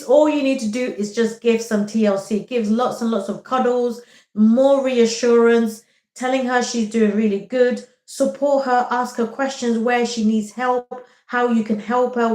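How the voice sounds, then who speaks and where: A woman's voice: a little high, darkish tone. Reassuring woman in an echoey room. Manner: reassuring, repeats "okay?" often. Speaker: vlogger giving postpartum advice. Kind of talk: direct-to-camera advice talk.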